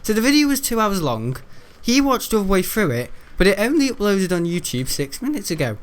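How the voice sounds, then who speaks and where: A British man rambling through casual gaming commentary, chuckling often and jumping up in pitch when he's incredulous. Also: big pitch swings, a little fast. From United Kingdom. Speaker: gaming YouTuber.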